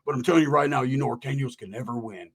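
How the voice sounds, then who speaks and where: A man's voice: medium pitch, quick pace, creaky, a little hiss or hum, lightly acted. A man voicing a skinny, wiry white tweaker who keeps goading and calling everyone brother, in a drawling manner. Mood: gloating.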